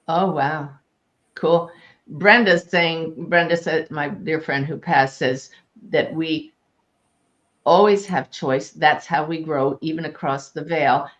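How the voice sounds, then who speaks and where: A woman hosting a spiritual question-and-answer talk as a medium, chatting in a lively way and laughing easily. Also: low voice, dull audio. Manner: warm, animated, laughs easily. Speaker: host and medium.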